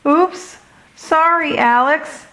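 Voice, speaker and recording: A bubbly little boy dressed as an astronaut, bouncing with excitement and a high, eager voice, as a woman reads him aloud. Everything is awesome to him in this storybook. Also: extremely slow, heavily acted, poor audio. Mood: hasty.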